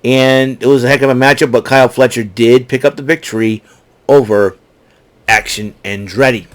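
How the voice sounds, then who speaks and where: A man recapping a wrestling show in casual unscripted talk, halting often with fillers and restarts, speaking as an enthusiastic fan. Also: mid-range voice, fairly even intonation.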